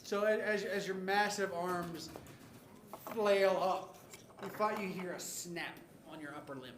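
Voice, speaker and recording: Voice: medium pitch, a little slow. A game master narrating a homebrew tabletop game, joking and laughing often. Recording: echoey room with background noise.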